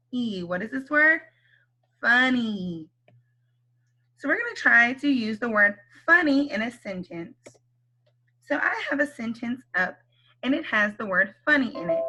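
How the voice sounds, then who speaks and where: A woman teaching a kindergarten phonics lesson, speaking slowly and clearly, encouraging the children and stretching out letter sounds. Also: on the high side, pushed and bright, dull audio.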